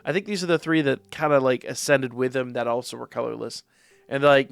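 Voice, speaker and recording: A man's voice: mid-range voice, fairly quick, creaky, clean tone, no echo, soft background music. A man hosting a manga reaction channel, talking casually and with enthusiasm, often tripping over and repeating his words. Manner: enthusiastic, rambling, repeats words when excited. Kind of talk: casual reaction and review chat.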